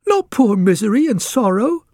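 A man's voice: very animated, moderate pace, darkish tone, no echo, clean studio sound. A man putting on a pleading, frantic farmer's wife. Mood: distressed. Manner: high, anxious, pleading.

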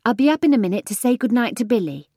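A woman voicing a brisk, cheerful mother calling up to her daughter in a storybook reading. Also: fairly high pitch, very animated, dark tone, no room sound, clean studio sound, voice pushed up. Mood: calling brightly.

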